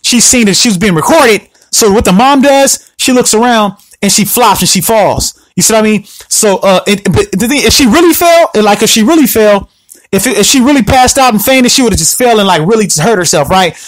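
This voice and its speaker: A man hosting a solo podcast, ranting in an animated, repetitive, confrontational way. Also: high voice, a little fast, dry recording. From Southern California. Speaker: podcast host.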